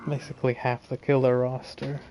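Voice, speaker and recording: Flat-voiced man streaming a game. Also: medium pitch, fairly quick, dull audio, slight background noise. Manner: chatty, complaining about the game. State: tired, yawning. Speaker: gaming streamer. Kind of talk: casual gameplay commentary.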